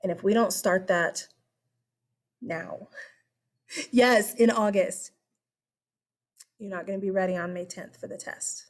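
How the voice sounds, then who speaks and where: A woman's voice: medium pitch, slow, pauses often. A woman history teacher giving casual online class instructions in a chatty, upbeat way, laughing now and then and using many fillers. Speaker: high school history teacher.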